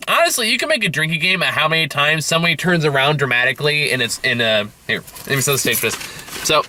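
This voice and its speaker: A man rants his way through a film review with a bright, forceful voice. His delivery is sarcastic and full of swearing, looping back on itself with fillers. He sounds worn out. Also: medium pitch, fast talker. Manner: sarcastic, profane, rambling with fillers. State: tired. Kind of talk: casual film review rant.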